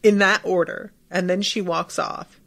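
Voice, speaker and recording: A woman hosting a podcast, recapping a TV episode in a casual, profane, animated way. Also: lowish voice, unhurried, gravelly. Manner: animated, profane, bursts into laughter.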